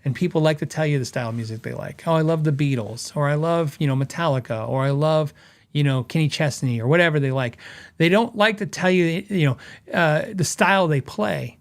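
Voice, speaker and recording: A middle-aged man with a fairly high voice hosts a podcast; he's a guitar repair tech. He talks casually and conversationally, often correcting himself and quoting customers in quick asides.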